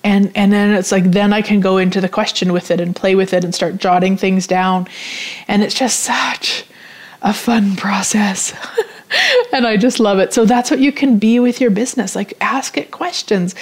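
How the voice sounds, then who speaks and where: A woman talks to her radio audience in a loose, rambling way, often circling back and breaking into small laughs. Her voice sits in a middle pitch, and the delivery is casual and unscripted. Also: normal speed, a little mellow. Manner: meandering, giggly, with many restarts. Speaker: host. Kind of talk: casual talk-radio monologue.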